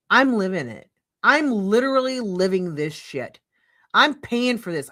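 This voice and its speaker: A woman's voice: mid-range voice, fairly bright tone. Profane, heated woman ranting on stream. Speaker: streamer commentator. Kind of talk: ranting commentary while reading aloud. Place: home streaming setup.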